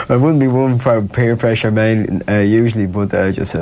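An Irish man spins a long anecdote, looping back on himself with restarts and quick laughs. His voice sits a bit low. It's an easy, casual interview chat. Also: a little mellow. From Ireland. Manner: rambling, laughs often, many restarts. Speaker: guest.

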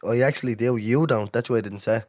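A man's voice: medium pitch, fast talker, darkish tone, no room sound, clean studio sound. A young Irish man, co-hosting a podcast in blunt, laid-back banter. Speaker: podcast co-host. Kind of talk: casual chat.

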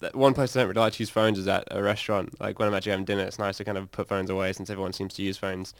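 A man, a band's singer, telling animated stories in an interview, laughing and acting out his own reactions. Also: low-pitched, very fast, no room sound. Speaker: band singer. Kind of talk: casual interview storytelling.

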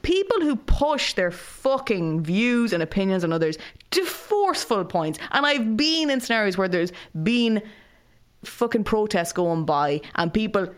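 A woman's voice: medium pitch, unhurried. An Irish woman co-hosting a podcast, telling a story in casual chat with plenty of swearing and acted-out quotes. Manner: animated storytelling, heavy swearing, acts out quoted voices. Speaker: podcast co-host.

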